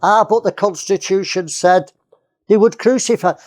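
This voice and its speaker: A man's voice: high-pitched, moderate pace, a little mellow. Earnest man preaching a sermon. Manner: earnest, repeats key phrases, many restarts.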